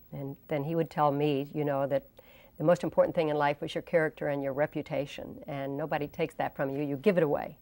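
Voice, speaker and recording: A low-pitched woman in her sixties speaks as a guest in an interview. The sound is close and dry, with no room behind her. She tells her stories with animation, slipping into the voices of the people she quotes. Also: steady tone, fairly quick, dry recording. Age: 60s. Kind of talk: casual storytelling interview.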